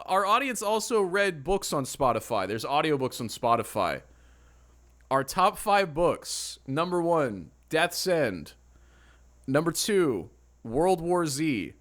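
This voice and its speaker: A man's voice: a little high, a bit bright. A man co-hosting a podcast in casual chat, playful and laughing often. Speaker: podcast co-host.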